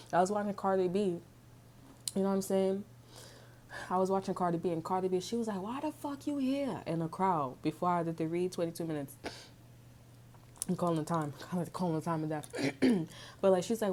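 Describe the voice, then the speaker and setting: A woman's voice: lowish voice, steady tone, moderate pace, long pauses, darkish tone, slight background noise. A woman giving a casual tarot reading, chatty and slangy, swearing freely and humming little tunes between thoughts. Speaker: tarot reader.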